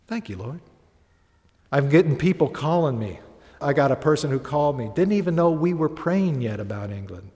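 A man's voice: a little high, animated, a little fast, darkish tone. A man preaching a sermon, telling stories and building to earnest, emphatic appeals. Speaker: pastor. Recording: long hall reverb.

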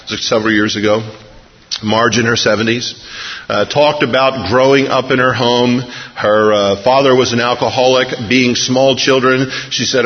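A man preaching a sermon to a congregation, retelling a story earnestly and slowing down to stress key points. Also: mid-range voice, steady tone. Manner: earnest, storytelling, measured slowdowns for emphasis. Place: church service before a congregation. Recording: long hall reverb, dull lo-fi sound.

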